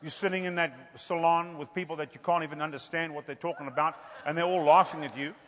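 A male preacher giving a humorous sermon, animated and joking, often tossing out a rhetorical "hello?" for laughs. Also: a little high, quick pace, in a large hall.

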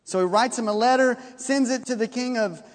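A high-pitched man preaches to his congregation, retelling a story with animated energy and slipping into the voices of its characters. His voice rings out with a long reverb trailing behind it, as if it fills a large hall. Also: a little fast. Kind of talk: sermon.

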